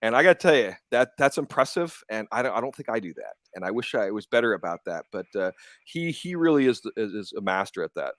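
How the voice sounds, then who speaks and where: A man's voice: lowish voice, big pitch swings, quick pace, fairly bright tone, dry recording. A man, a comics writer and publisher, talking candidly in a casual interview with frequent restarts and some swearing. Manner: candid, profane, stumbling restarts.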